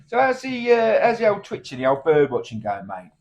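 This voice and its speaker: A man's voice: high voice, huge pitch swings, a little fast. A middle-aged man, trading cheeky, blokey comic banter and calling his partner mate. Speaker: comedy double act co-host.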